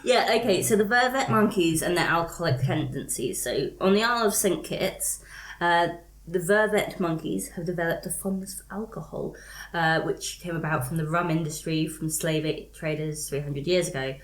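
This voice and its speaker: A woman with a slightly low voice talks through a fact in a chatty way, giggling now and then. She is recorded in a roomy, echoing space. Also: normal speed. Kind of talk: casual chat, sharing a fact. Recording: roomy echo.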